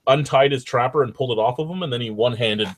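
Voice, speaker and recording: A man's voice: medium pitch, racing, dry recording. A young man hosting a podcast, rambling and swearing freely in casual chat. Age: young adult. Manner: profane, rambling hockey banter. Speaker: podcast host.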